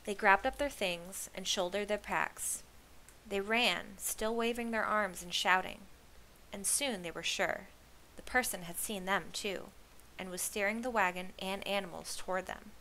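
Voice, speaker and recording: A woman reading a children's novel aloud as host, with lively storytelling delivery. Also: mid-range voice, a little slow, a little hiss or hum.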